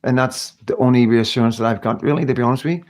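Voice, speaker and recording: A man's voice: mid-range voice, steady tone, rapid-fire, darkish tone. Man, middle-aged, live stream host, emotional, earnest, stop-start rambling delivery. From United Kingdom. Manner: rambling with repeated restarts. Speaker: livestream host. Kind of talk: live stream talk to viewers.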